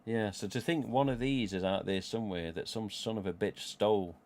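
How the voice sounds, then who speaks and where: A man's voice: fairly low pitch, brisk, darkish tone, a little hiss or hum. A middle-aged man with an English Midlands accent, chatting casually on a live stream, rambling and swearing freely as he goes. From England. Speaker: livestream host.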